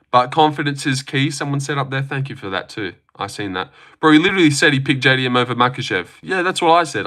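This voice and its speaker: A man's voice: mid-range voice, pushed and bright. A man hosting a live stream, reading chat messages aloud and answering with crude jokes and boasts. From Australia.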